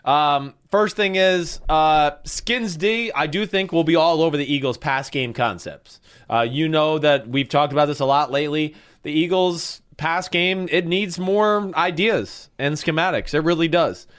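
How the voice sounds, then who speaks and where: A man co-hosting a casual sports betting show, breaking down a game out loud with many fillers. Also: a little high, measured pace, clean tone. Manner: talkative, thinks aloud with fillers. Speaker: podcast co-host and analyst.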